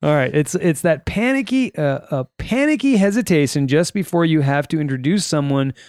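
A man's voice: on the high side, expressive, normal speed, darkish tone, no echo, studio quality. A man hosting a radio show, joking around and reading out fun facts and odd words. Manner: jokey, laughs often, reads out fun facts. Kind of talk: casual radio banter.

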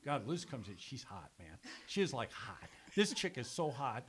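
An older man, a former radio sales executive and sports announcer, telling stories in casual conversation as a lively storyteller who swears casually. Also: mid-range voice, moderate pace. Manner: animated storyteller, swears casually, laughs through anecdotes. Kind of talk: casual reminiscing chat.

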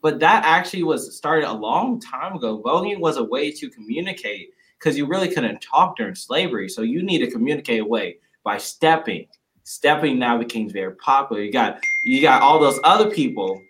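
A man's voice: mid-range voice, animated, moderate pace, a bit bright, poor audio. A man in a group discussion, speaking passionately and emphatically, firing off rhetorical questions. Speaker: discussion participant.

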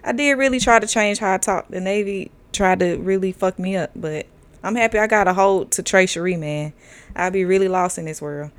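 Her voice is medium-pitched, brisk, clear and resonant as this woman in her thirties hosts a laid-back podcast monologue. Profane and candid, she laughs a lot and wanders through fillers with a loose drawl.

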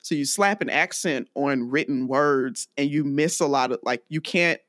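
A woman's voice: very deep voice, moderate pace, no room sound, studio quality. A woman from the US South co-hosting a podcast, reviewing a movie in casual chat and laughing often. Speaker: podcast co-host.

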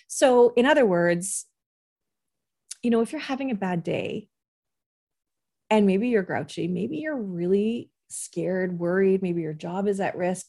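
A woman's voice: mid-range voice, a little mellow. A woman in her forties hosting a parenting podcast, telling a personal story in a candid, conversational way with many asides.

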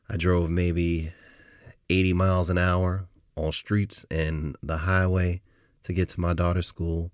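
A middle-aged man hosting a podcast, telling a personal story in an animated, emphatic way that swells as he goes. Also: low voice, normal speed, no room sound, studio quality. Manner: animated, emphatic retelling with rising intensity. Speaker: podcast host.

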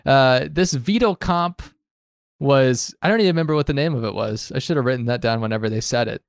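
A man's voice: medium pitch, brisk, creaky, no room sound. Chatty man hosting a recap podcast. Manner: rambling, chatty, laughs often. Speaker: podcast host. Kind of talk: casual recap chat.

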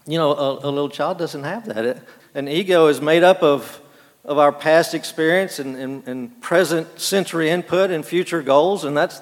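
Gravelly-voiced preacher in a hall. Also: male voice, fairly high pitch. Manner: halting, repeats words, swings between soft and emphatic. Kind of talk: sermon. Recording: long hall reverb.

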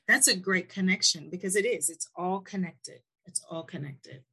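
A woman's voice: on the low side, moderate pace, sharp tone, husky. A woman hosting a casual podcast interview, affirming her guest and repeating her praise. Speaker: podcast host.

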